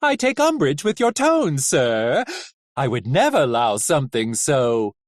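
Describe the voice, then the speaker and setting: A reader voicing a pompous, blustering male coachman who speaks loudly and self-importantly. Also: mid-range voice, sing-song, unhurried, dry recording, studio quality. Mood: indignant.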